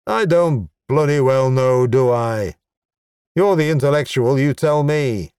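A sly, scheming goblin chieftain, put on by a male reader speaks in a dry, wry and exasperated way. The storybook delivery is unhurried, with no room sound around it. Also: mid-range voice, animated, a little mellow, no echo.

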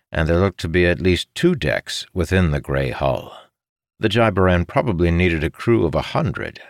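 A man narrating a fantasy audiobook in an expressive storytelling manner. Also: very deep voice, no room sound, clean studio sound.

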